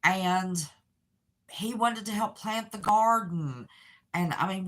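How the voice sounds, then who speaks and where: Slow-spoken older woman, earnest and bright. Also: fairly low pitch. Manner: earnest, heartfelt, reflective. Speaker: channel host sharing her faith and grief. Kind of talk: personal testimony to camera.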